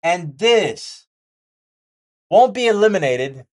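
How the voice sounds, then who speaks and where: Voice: mid-range voice, very animated, takes it slowly, darkish tone. A day trading vlogger talking candidly and casually, repeating key points and making jokey asides while sketching a chart.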